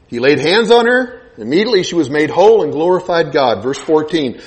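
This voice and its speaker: A male preacher delivers a sermon in a high voice. His pitch swings widely as he tells a Bible story like a scene, voicing each character in turn. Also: a little fast. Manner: animated storytelling, acting out biblical scenes with quoted voices.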